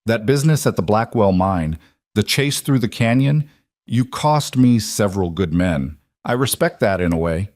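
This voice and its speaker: A man's voice: on the low side, animated, moderate pace, a little mellow, dry recording, studio quality, natural voice. A man voicing a cold, calculating male villain who runs a mine, speaking with menacing politeness.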